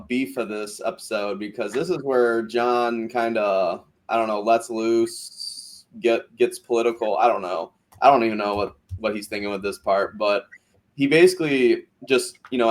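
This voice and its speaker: A man hosting a podcast in casual chat, recapping at length in an easygoing way with fillers. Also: on the low side. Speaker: podcast host.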